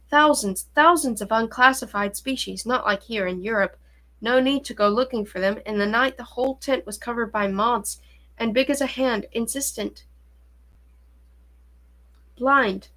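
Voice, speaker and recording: An old professor tells of a long jungle journey in a measured, lifted storytelling tone, as a woman reads him aloud. The voice sits rather high, and the words come at a deliberate, even pace. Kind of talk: reading a novel aloud.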